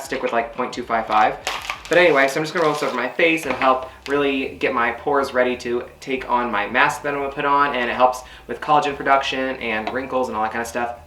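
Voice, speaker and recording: A beauty vlogger tells a story while doing his skincare routine, rambling casually and leaning heavily on filler words. His mid-range voice is pushed and bright, in a reverberant space with a little hiss or hum.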